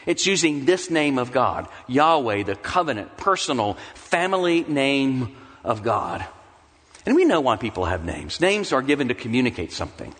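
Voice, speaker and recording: A man's voice: mid-range voice, fairly bright tone. Preaching man in a reverberant hall. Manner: earnest preaching with dramatic voiced questions. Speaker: pastor. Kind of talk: sermon.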